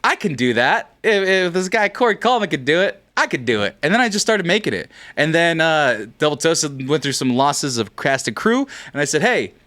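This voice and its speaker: A man's voice: on the high side, big pitch swings, normal speed, few pauses, sharp tone. A man in his thirties from California hosting a livestream in a joking, rambling way with playful swearing. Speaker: streamer host. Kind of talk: casual livestream chat.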